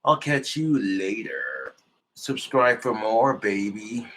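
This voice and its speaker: A man's voice: fairly low pitch, sing-song, takes it slowly, a bit bright. A man streamer delivering a crude, combative comedic rant full of swearing.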